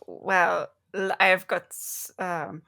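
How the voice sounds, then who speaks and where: A woman's voice: lowish voice, fairly even intonation, extremely slow, creaky, sharp tone. A woman describing her character's actions in a tabletop game, casual and a little hesitant. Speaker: player. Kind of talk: casual role-play narration.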